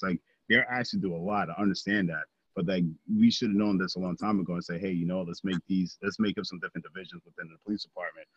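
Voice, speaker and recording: Deep husky guy on a podcast, earnest, lotsa likes and restarts, dull dry mic. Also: dry recording. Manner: earnest, many fillers and restarts. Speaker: podcast co-host. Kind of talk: casual podcast discussion.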